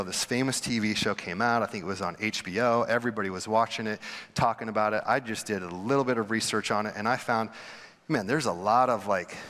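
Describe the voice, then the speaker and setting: A young adult man, a pastor giving a conversational sermon, who acts out quoted people with sudden jumps in pitch. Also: a bit bright. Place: church sanctuary. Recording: long hall reverb.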